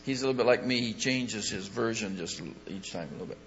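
Low-voiced pastor praying haltingly. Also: male voice, fairly bright tone. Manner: halting, with many "uh"s and restarts. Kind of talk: closing announcements and prayer. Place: church sanctuary. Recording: dull lo-fi recording in a reverberant church.

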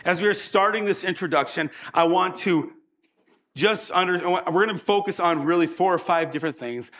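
Preaching at a moderate pace, this high-voiced pastor tells stories with lively energy. He acts out each character's voice and keeps his listeners engaged.

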